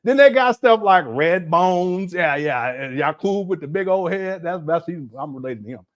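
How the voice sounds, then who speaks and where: Man, higher-pitched; relaxed spoken commentary with frequent laughter and self-corrections. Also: moderate pace. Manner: loose and conversational, laughs often, many restarts. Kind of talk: casual monologue.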